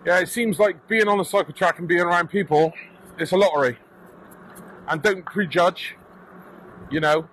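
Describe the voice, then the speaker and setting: A British man with a light, high-pitched voice tells a story casually while riding along a bike path outdoors. He is animated, swears freely and acts out the other people in his story. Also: normal speed, long pauses, slight background noise, poor audio. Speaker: electric bike vlogger.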